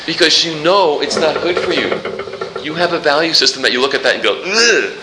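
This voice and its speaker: A pastor giving a sermon, lively and joking, throwing rhetorical questions at the congregation. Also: male voice, on the high side, fairly quick, roomy sound, noisy background. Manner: animated, jokey preaching with rhetorical questions.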